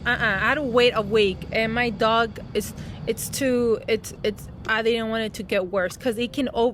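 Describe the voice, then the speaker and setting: A woman's voice: a little high, fairly bright tone, a little hiss or hum. A woman talking outdoors as a spiritual coach in a casual, heartfelt vlog, rambling and comforting with many fillers.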